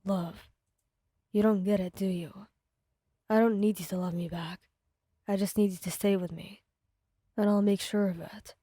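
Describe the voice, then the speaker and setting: A woman's voice: mid-range voice, steady tone, measured pace, pauses often, mellow, no room sound, clean studio sound, voice pushed down, lightly acted. A woman putting on a menacing possessive young man, whispered role-play. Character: possessive young male stalker, cold and menacing.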